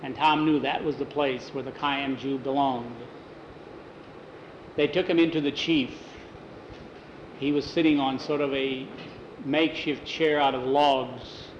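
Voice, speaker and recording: A man telling an adventure story aloud in a relaxed, homespun way, sometimes correcting himself mid-sentence. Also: mid-range voice, unhurried, long pauses. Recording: roomy, dull lo-fi, faint hiss.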